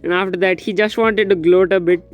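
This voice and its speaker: A young man casually recapping a manga chapter in a rambling, excitable way, full of fillers. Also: high voice, a little fast, dull audio. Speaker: manga reviewer. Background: faint background music.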